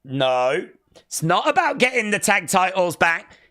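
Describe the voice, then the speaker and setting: A man streaming a wrestling watch-along, giving excitable live reaction commentary and talking back at the screen. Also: high voice, measured pace.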